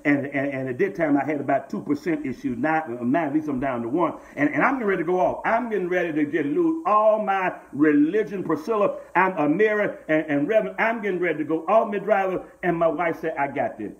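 High-voiced preacher man. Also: fairly quick, few pauses, highs cut off. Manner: preaching with call-outs to congregants and repeated "glory to God". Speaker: pastor. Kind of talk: sermon.

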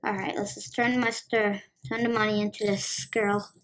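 A woman's voice: mid-range voice, little pitch movement, moderate pace, fairly bright tone. A woman giving casual, playful commentary as she plays a video game, talking to herself as she goes. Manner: chatty, playful, talks to herself while playing. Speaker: gaming video host.

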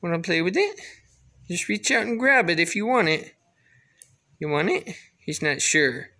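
A father gently coaxing his baby in a home video, sometimes turning playfully dramatic. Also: sits high, sing-song, a little slow.

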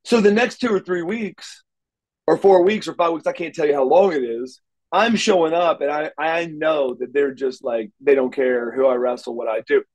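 Animated man telling wrestling stories. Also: a little high, moderate pace, rough recording. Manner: animated storyteller acting out dialogue, frequent restarts. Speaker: interview guest, former wrestler. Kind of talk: casual storytelling interview.

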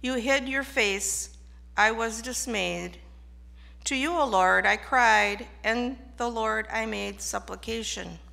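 A woman reads scripture aloud at a slow, deliberate pace in a church sanctuary. Her voice sits a little high and bright, with a gravelly fry running through it. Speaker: lay reader. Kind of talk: scripture reading in a church service.

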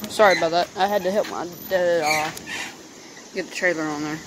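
A man's voice: a little high, steady tone, brisk. A young man with a light Southern US accent, rambling through a casual home vlog on a handheld camera, full of "like" fillers. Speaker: vlogger. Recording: noisy home video.

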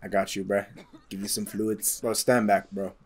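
A young man casually commenting while playing a game, excitable and swearing, yelling at sudden scares. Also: fairly low pitch, moderate pace, husky. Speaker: gaming YouTuber.

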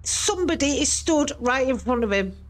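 A woman's voice: high voice, animated, moderate pace. A woman reacting to a ghost hunt video, jittery, exclaiming and swearing, rambling when nervous.

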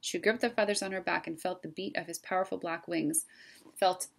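A woman reading a children's novel aloud in a calm, steady storytelling way. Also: fairly low pitch, fairly quick, creaky, a little hiss or hum. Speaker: storybook reader.

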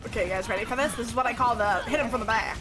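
A young woman streaming a game live, bubbly and giggly, chatting to viewers and now and then bursting into excited shouts. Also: fairly high pitch, racing. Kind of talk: live gaming stream chat. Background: game music.

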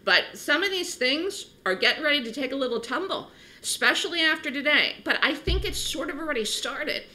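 A middle-aged woman, a trading educator, giving a direct-to-camera market talk in an emphatic, animated way. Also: a little fast, low-quality recording. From New York City. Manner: animated, emphatic, rising pitch on key points.

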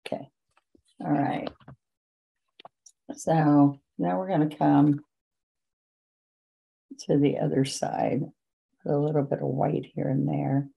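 Slow, low-voiced painting teacher woman. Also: level tone, creaky, husky, lo-fi sound. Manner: chatty, gentle step-by-step guidance. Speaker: painting instructor. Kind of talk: relaxed painting demonstration.

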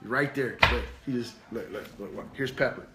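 A man's voice: mid-range voice, moderate pace, reverberant, music in the background. A man preaching an informal sermon with a puppet, firing off repeated rhetorical questions in casual slang. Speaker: preacher and teacher.

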